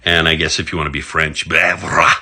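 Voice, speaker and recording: A man's voice: flat delivery, fast, bright, forceful tone. A man from Alberta, ranting about politics in a sarcastic monologue full of swearing. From Alberta, Canada. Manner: sarcastic, heavy swearing, big pitch swings. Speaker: political commentator.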